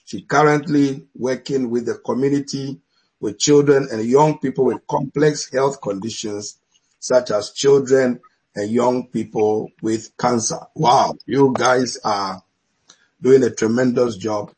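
A man's voice: medium pitch, fairly even intonation, a little slow, darkish tone, slightly rough, low-quality recording. A middle-aged man with an African accent, a bishop hosting an online church talk, laughing often and blessing his guests.

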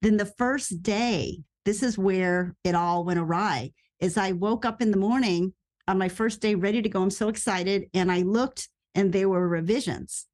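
A woman guest tells her story on an interview podcast. She talks quickly and with plenty of life, and she acts out the people she quotes. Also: mid-range voice, a little mellow. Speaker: actress and radio host guest.

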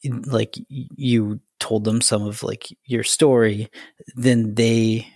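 Gravelly, husky-voiced male podcast host. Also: medium pitch, fairly even intonation, takes it slowly, darkish tone, dry recording, clean studio sound. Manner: rambling, enthusiastic, lots of fillers. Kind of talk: casual interview chat.

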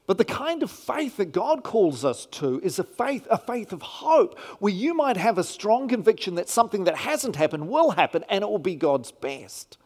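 High-voiced, lively male preacher. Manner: emphatic, rhetorical questions to the congregation. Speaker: pastor. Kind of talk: sermon.

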